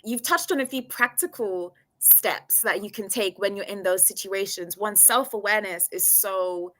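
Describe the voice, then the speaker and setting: Woman interview host with a bright, crisp voice, affirming and inquisitive. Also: mid-range voice, moderate pace. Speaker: podcast host. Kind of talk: live-streamed interview.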